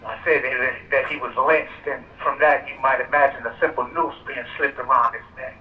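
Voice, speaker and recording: A man on death row giving a measured speech over a prison phone call, played to a rally. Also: mid-range voice, fairly even intonation, reverberant, recorded from a distance, a little hiss or hum. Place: prison phone relayed to an outdoor park rally. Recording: muffled phone line played over speakers outdoors.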